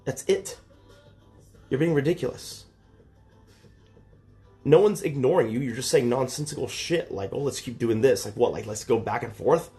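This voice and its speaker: A man's voice: mid-range voice, animated, moderate pace, pauses often, dark tone, soft background music. A man in his thirties arguing heatedly on a livestream, lecturing and exasperated, swearing often. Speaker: streamer.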